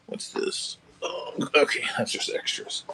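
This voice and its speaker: A man hosting a casual live stream from a car shop garage, selling model kits and chatting with viewers, relaxed and chatty, swearing now and then. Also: slow pace. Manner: laid-back, chatty, swears casually, calls viewers dude and bro.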